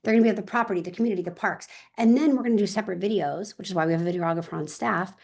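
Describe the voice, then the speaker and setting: A woman real estate agent tells stories in an interview with lively, emphatic energy. She talks straight to her listeners. Her voice sits at a middle pitch. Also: very fast, vocal fry.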